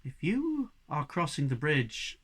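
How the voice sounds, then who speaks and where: A cool, mysterious woman warrior from a storybook, as a man reading aloud puts her on. She speaks slowly and low, unhurried and faintly amused. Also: huge pitch swings, a bit bright, breathy edge, heavily acted.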